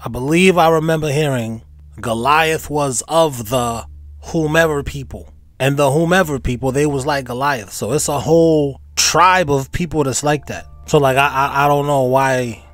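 A man's voice: mid-range voice, normal speed, a bit bright, dry recording. A man hosting a reaction video, thinking aloud in a rambling, informal way. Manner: rambling, conversational, informal grammar. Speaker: host reacting to clips. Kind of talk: casual reaction commentary.

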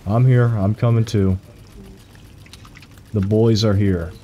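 A man's voice: lowish voice, fairly even intonation, slow, dark tone, lo-fi sound, slight background noise. A young man gaming online with friends, making wry joking comments over voice chat. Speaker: gamer.

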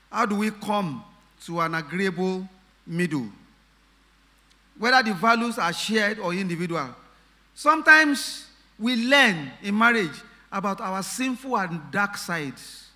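Male pastor, high bright voice, emphatic sermon with rhetorical questions. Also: expressive, a little slow, long pauses, big-room sound. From Nigeria.

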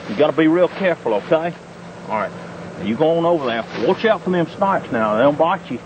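A man with a slightly high, expressive voice talks fairly quickly and pushes his voice up, with light acting and a noisy background. He plays a goofy wildlife-show host full of mock bravado in an amateur home-video parody shot outdoors at night, using folksy, exaggerated showman talk and repeating "mate" again and again.

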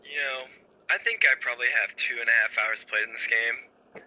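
A man's voice: medium pitch, steady tone, fairly quick, sharp tone, no echo. A man talking offhandedly to his team over game voice chat. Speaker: teammate. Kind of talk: casual gaming voice chat. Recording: dull lo-fi voice chat.

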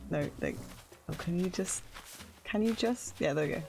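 A woman's voice: fairly low pitch, moderate pace, gravelly, faint music behind. A young woman casually chatting with viewers while playing a game on a live stream, often laughing, squealing and calling herself silly. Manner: excitable, squeals and laughs often, self-deprecating.

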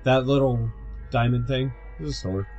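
A man hosting a game playthrough, calmly explaining the game between jokes. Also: medium pitch, normal speed, muffled recording. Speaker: let's play host at the controls. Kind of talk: casual game commentary. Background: game music.

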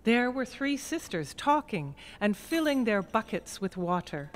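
A woman storyteller narrating a folk tale in a lyrical, expressive way in a museum gallery. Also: medium pitch, measured pace, hardly any pauses.

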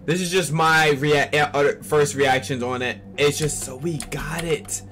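A young man hosting a casual reaction vlog on a desk mic, rambling excitedly and repeating himself. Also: a little high, measured pace, slight background noise. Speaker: channel host reacting to a trailer.

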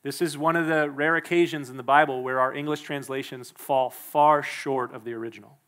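A male pastor preaching a sermon in a church, emphatic and quick to act out the people he quotes. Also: mid-range voice, steady tone, a bit bright. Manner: emphatic, acts out the quoted speakers.

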